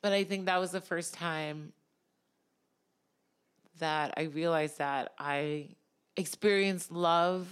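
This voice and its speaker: A woman guest on a podcast, telling a personal story in a tearful, halting way and laughing through the emotion. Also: on the low side, fairly even intonation, clean tone.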